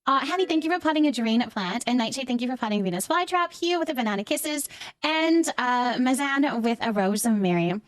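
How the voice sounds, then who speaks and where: This young woman livestreams a game in a high, expressive voice at a fairly quick pace, recorded clean in a studio with no echo. She reads out her viewers' chat, thanking them by name with affection.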